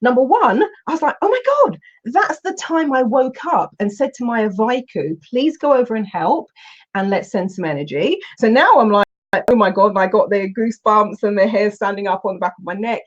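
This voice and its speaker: A woman, a coach telling stories in an animated way, with exclamations and restarts. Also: mid-range voice, normal speed, muffled recording. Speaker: coach and Huna teacher. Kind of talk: storytelling in a recorded online session.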